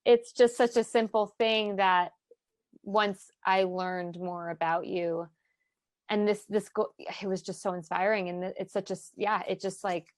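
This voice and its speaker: A woman who works as a business coach, a guest on a podcast, speaking in an excited, heartfelt and emotional way. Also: mid-range voice, a little slow, dry recording. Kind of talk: casual interview chat.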